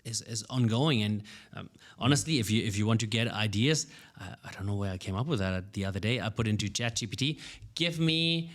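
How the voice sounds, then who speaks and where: A man's voice: lowish voice, fast talker, few pauses. A man who coaches public speaking, answering interview questions with energy and often repeating words as he starts a sentence.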